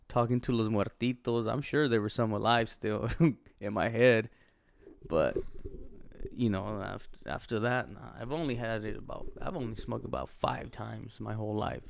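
A young man telling a profane, animated story in casual podcast chat, often laughing as he talks. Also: fairly low pitch, creaky, no room sound, studio quality. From Los Angeles. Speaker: podcast co-host.

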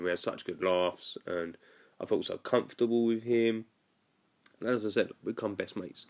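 A young man with a lowish, gravelly voice recounts his job doing youth activities on a cruise ship. He rambles in a chatty, casual way, peppering his talk with "like."

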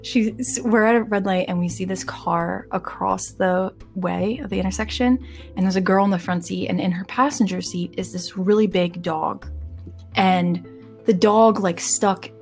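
A woman's voice: mid-range voice, fairly even intonation, moderate pace, soft background music. Giggly chatty woman with a stutter. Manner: giggly, chatty storyteller with a slight stutter on m-words. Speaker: podcast co-host. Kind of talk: casual podcast chat.

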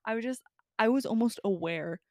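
A young woman co-hosting a casual chat, telling a story in an animated way and swearing freely. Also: on the high side, fairly quick, no room sound, studio quality. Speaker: podcast co-host telling a story.

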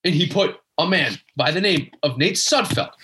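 A man's voice: fairly high pitch, animated, moderate pace, pushed and bright, a little hiss or hum. A young man ranting as a guest sports fan in casual chat, exasperated and emphatic, repeating himself as he argues. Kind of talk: casual rant.

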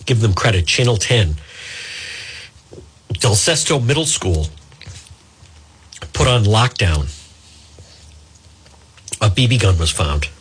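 A man's voice: lowish voice, animated, slow, pauses often, a bit bright, slight background noise. Hiccuping man hosting live talk radio. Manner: apologetic, rambling, self-interrupting. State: has the hiccups. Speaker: radio talk show host.

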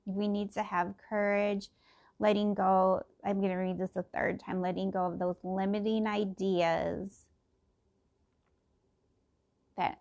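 A woman's voice: medium pitch, creaky, lo-fi sound. A middle-aged woman thinking aloud in a casual personal podcast, meandering and full of fillers and restarts.

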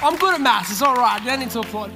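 A man's voice: very high voice, expressive, rapid-fire, a loud crowd. A man preaching a sermon as pastor, telling a story and acting out its characters' lines. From Australia. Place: large church hall. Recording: long hall reverb with music behind. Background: soft background music.

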